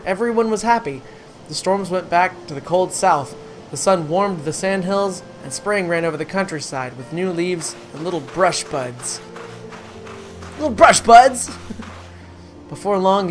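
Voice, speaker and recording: A gamer reading a story game's text aloud in a slow, soft storybook manner, with game music playing behind. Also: medium pitch. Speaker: let's play gamer.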